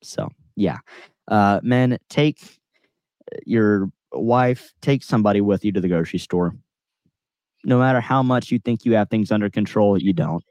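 A man's voice: fairly low pitch, moderate pace, a little mellow, no echo. Dry-sounding man telling rambling stories. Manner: rambling, self-deprecating storyteller. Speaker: podcast host. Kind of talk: casual chat.

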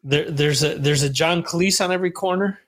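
A man's voice: a little high, normal speed, fairly bright tone. A man with an American accent hosting a casual podcast chat, telling stories with many asides. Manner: chatty storyteller with many asides. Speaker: podcast host.

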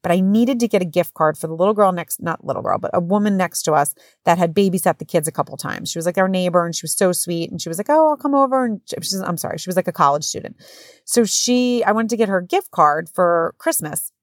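A woman's voice: fairly low pitch, fast, no room sound. Candid woman podcaster, dry close sound. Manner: candid, swears, animated retelling with quoted voices. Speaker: podcast host. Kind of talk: casual storytelling monologue.

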